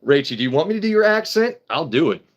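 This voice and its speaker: On his casual livestream, a man drinks and rambles, joking and swearing freely and speaking right to the chat. His voice is fairly high and sing-song, he talks quickly, and the sound is lo-fi.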